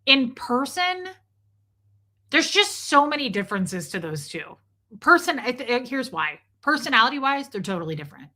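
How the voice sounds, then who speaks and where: Bright-voiced chatty woman livestreaming. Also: high-pitched, big pitch swings, moderate pace. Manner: chatty, rambling storytelling, reads comments aloud. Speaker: livestream host. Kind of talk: casual live chat.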